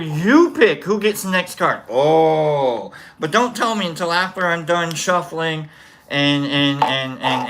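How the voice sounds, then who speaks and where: A show host telling a long, rambling story in a casual way and acting out scenes with shouts. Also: mid-range voice, background noise.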